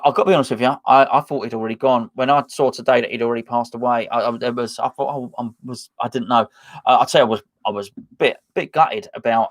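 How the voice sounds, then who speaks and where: A middle-aged man hosting a live stream, reading viewers' comments in a rambling, chatty, self-mocking way with many restarts. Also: medium pitch. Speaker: podcast host reading live chat. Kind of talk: casual live-stream chat. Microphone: headphones and webcam at a desk.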